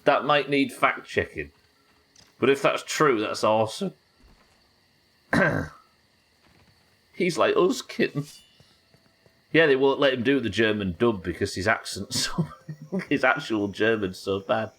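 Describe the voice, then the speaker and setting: A man's voice: medium pitch, lively intonation, measured pace, pauses often, a bit bright. A young man with a Yorkshire accent chatting and swearing casually as he plays a game on a live stream and talks to his chat. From Yorkshire, England. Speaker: livestreamer. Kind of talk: casual gameplay commentary.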